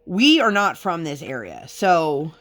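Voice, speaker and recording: A woman's voice: sits low, sing-song, unhurried, a bit bright, a little hiss or hum. A woman vlogger telling a long frustrated story in a chatty, casual way while she works on a craft. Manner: chatty, exasperated storytelling with many fillers.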